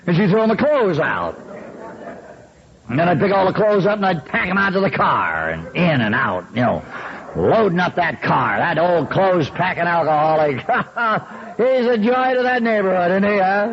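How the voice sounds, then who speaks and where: A man in his sixties telling his recovery story with wry, folksy humor, often clearing his throat. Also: high voice, expressive, moderate pace, highs cut off.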